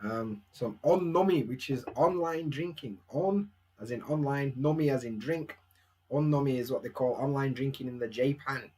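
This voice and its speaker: A man's voice: medium pitch, normal speed, dark tone. A young man with a Barnsley Yorkshire accent, chatting casually and self-mockingly at home on a live stream, answering viewers' questions.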